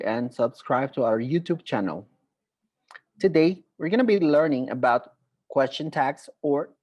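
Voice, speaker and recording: A man teaching an online English grammar lesson, explaining slowly and carefully and saying example sentences aloud. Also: mid-range voice, darkish tone. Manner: slow, deliberate explaining with spoken examples.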